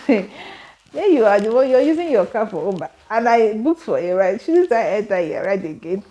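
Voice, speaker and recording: Animated Nigerian woman telling a story. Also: mid-range voice, moderate pace. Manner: animated, exclaiming, rhetorical questions. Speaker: vlogger. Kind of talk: casual storytelling to camera. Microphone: camera mic with ring light.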